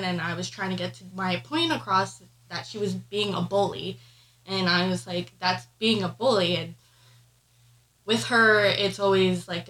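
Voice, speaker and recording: A pregnant podcast co-host shares a personal story in casual chat, emotionally going over a family argument and using lots of fillers. Her mid-range voice has a fairly bright tone, and the recording is rough.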